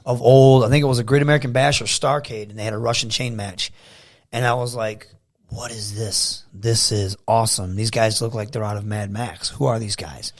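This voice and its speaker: A man from Michigan, a wrestler guest telling animated stories in a casual interview, often slipping into loud impressions. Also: on the low side, a little fast. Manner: animated storyteller who slips into loud impressions.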